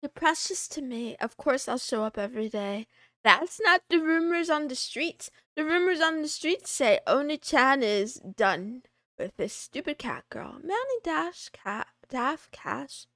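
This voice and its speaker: A woman's voice: high voice, expressive, measured pace, fairly bright tone, no room sound, clean studio sound. A woman streaming live, greeting viewers by name and chatting casually with frequent giggles. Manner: giggly, playful, reads chat names aloud. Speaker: VTuber streamer.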